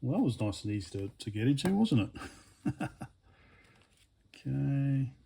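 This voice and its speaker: A man talks through a teardown of a gadget at an unhurried, deliberate pace, in a voice of ordinary middle pitch. He thinks aloud as he goes, hesitant and full of fillers and restarts. He mutters low-key asides while he works with his hands. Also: sing-song, creaky, mellow, slight background noise. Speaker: electronics hobbyist vlogger. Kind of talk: casual hands-on teardown commentary.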